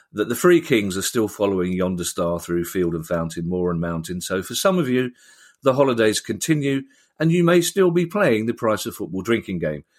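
Guy with a lowish voice co-hosting a podcast, joking around, casual chat. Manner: jokey, playful asides. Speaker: podcast co-host.

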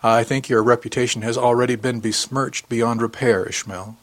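A man voicing a proud, bitter woman of about sixty in an audiobook, sharp and scornful. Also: mid-range voice, steady tone, moderate pace, natural voice. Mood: teasing. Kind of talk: audiobook character voice.

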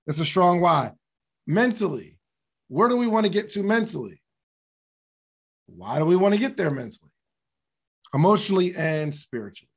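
A man talks through motivational ideas in a relaxed, conversational podcast style, circling back to the same questions. His voice sits a little high and carries a gravelly, fry-edged texture. He sometimes chuckles at himself as he goes. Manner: conversational, laughs at himself, repeats key questions. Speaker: podcast host. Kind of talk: casual motivational talk.

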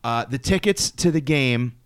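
A man's voice: mid-range voice, expressive, normal speed, clear, resonant tone, no room sound. Middle-aged male storyteller, casual and profane, acts out quotes, very dry mic. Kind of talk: casual chat.

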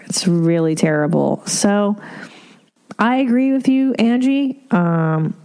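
With a medium pitch and darkish tone, a middle-aged woman hosts an advice podcast, stretching out her words, pausing often and using lively intonation. Her casual monologue is candid and profane, punctuated by laughs and rhetorical asides.

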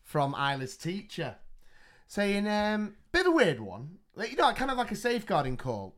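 A man co-hosting a podcast, telling a family story in an animated, laughing way. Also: high voice, normal speed. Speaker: podcast co-host. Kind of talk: casual storytelling chat.

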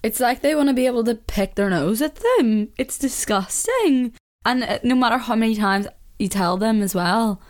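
A woman's voice: a little high, expressive, moderate pace. Chatty Northern Irish woman podcaster. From Northern Ireland. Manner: chatty, opinionated, often laughing. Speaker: podcast host. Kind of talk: casual solo podcast chat.

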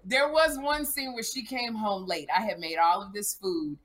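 A woman co-hosting a podcast in casual chat, an animated storyteller who jumps into high, loud voices when acting out scenes. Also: normal speed. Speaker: podcast co-host.

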